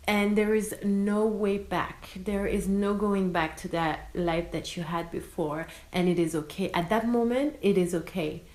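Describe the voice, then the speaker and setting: This mid-range voice belongs to a thirtysomething French mother who vlogs casually, talking expressively in accented English peppered with French words. The room sounds echoey and the audio quality is poor.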